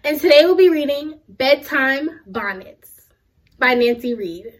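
A woman's voice: sits high, expressive, a little slow, low-quality recording. A young woman, a university student, reading a children's picture book aloud in a friendly way. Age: young adult. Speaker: student storybook reader.

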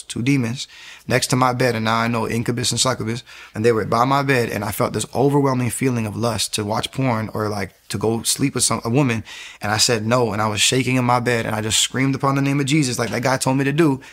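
A man with a gravelly, creaky voice recounts his faith story, chatty and full of filler words. He keeps the talk animated and lively, often acting out what others said. The pitch sits in an ordinary middle range. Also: quick pace. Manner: animated, acts out quotes with sudden high pitch jumps. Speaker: guest telling his testimony. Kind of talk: emotional conversational storytelling.

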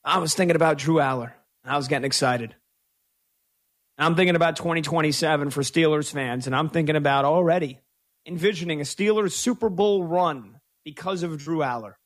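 Hosting a sports talk radio show that takes calls, a man delivers forceful opinions, drawing out important words for emphasis. His voice is a little high.

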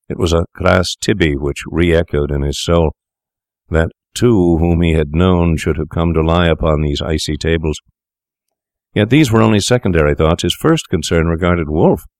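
A man reading a classic tale aloud as narrator, steady and measured. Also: deep voice, no room sound, clean studio sound.

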